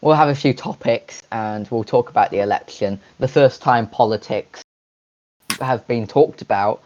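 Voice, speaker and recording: A man co-hosting a casual podcast, talking in a halting way with frequent pauses and restarts. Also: mid-range voice, a little mellow, dull audio. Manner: halting, many fillers and restarts. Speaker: podcast co-host.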